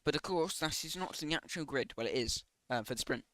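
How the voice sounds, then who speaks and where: A man giving live commentary on an online racing league stream, with many ums and quick self-corrections. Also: fairly high pitch, lively intonation, sharp tone, dry recording.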